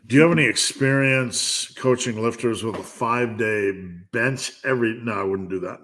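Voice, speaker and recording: A man's voice: mid-range voice, normal speed, fairly bright tone. A middle-aged man hosting a live stream, reading viewers' questions and answering with blunt, joking lifting advice. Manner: blunt, joking, coach-like advice with frequent restarts. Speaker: strength coach hosting a live Q&A.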